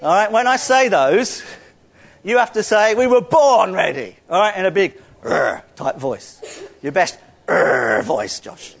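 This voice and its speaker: A man leading a playful, interactive sermon, joking with the congregation and calling out to them loudly. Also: sits high, animated, unhurried. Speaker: church speaker.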